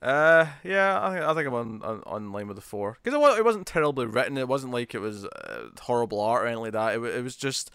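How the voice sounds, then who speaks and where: Easygoing male podcast host, smooth clear voice, dry booth sound. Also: mid-range voice, big pitch swings, fast, few pauses, fairly bright tone, dry recording. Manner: easygoing, leads the segment, laughs readily. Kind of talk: casual comic book review chat.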